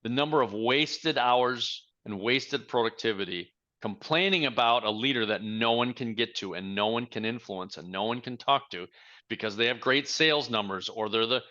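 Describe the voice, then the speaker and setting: A male leadership coach delivers a motivational talk in a bright, forceful, mid-range voice at normal speed. He presses his points with emphasis and keeps asking rhetorical questions, though the recording is dull and lo-fi.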